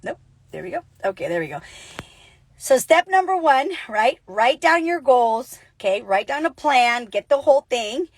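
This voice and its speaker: A woman coaches her followers in a lively, chatty vlog, full of animated stories and pep. Her voice sits high with a husky edge. The sound is dry and close to the mic. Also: moderate pace, no echo. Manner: energetic, chatty, animated storytelling. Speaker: network marketing coach. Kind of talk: motivational casual vlog.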